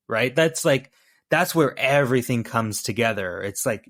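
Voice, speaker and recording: A man co-hosting a film podcast, animated and laughing as he quotes scenes. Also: mid-range voice, normal speed, no echo, clean studio sound. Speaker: podcast co-host. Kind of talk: casual film-review chat.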